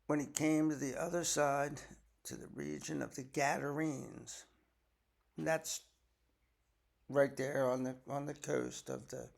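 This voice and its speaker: A man's voice: mid-range voice, creaky. An older man, a grandfather, reading scripture aloud and breaking off for folksy, chatty asides to explain it. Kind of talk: bible reading with casual commentary.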